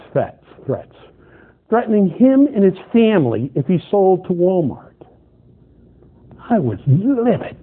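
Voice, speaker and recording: A middle-aged man preaching a sermon, his voice sitting a little high. He tells stories with animated energy and breaks into loud, excited outbursts. The sound is thin and tinny, like a phone line. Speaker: pastor.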